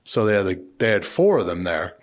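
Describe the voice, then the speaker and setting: A man's voice: low voice, big pitch swings, brisk. Profane storytelling man on a podcast. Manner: profane rambling storyteller, acts out quotes. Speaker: podcast co-host. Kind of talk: casual chat.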